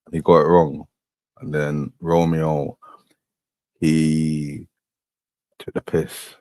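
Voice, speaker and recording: A man hosting a show, commenting on replayed clips in a slow, drawling recap with casual slang. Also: extremely low pitch, flat delivery, warm tone, dry recording. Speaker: host.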